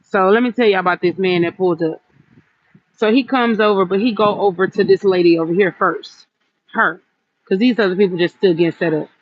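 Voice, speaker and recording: A woman's voice: medium pitch, brisk, narrow, tinny audio, a little hiss or hum. A woman vendor livestreaming from an outdoor stall in the cold, chatting casually and retelling a run-in with a customer. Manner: chatty, retells arguments with quoted back-and-forth. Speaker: vendor selling gift baskets on a livestream.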